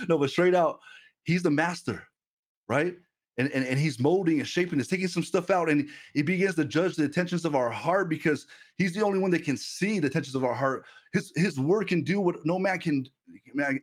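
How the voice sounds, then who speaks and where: Male streamer-preacher, 30s, slightly higher voice, casual and animated, headset mic, lots of restarts. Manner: animated, repeats words and restarts, laughs often. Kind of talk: casual livestream sermon.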